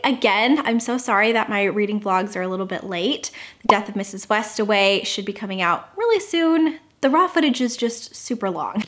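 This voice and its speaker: A woman's voice: mid-range voice, fairly bright tone. A young woman talking casually to the camera as a book vlogger, bubbly and chatty with lots of fillers.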